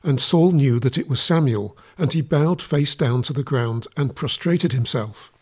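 A man reading scripture aloud in a measured, steady, reverent manner. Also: medium pitch, breathy edge. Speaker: Bible reader.

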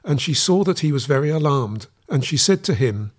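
Male scripture reader, slightly high and husky voice, slow, steady, reverent delivery. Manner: measured, steady, reverent reading. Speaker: Bible reader.

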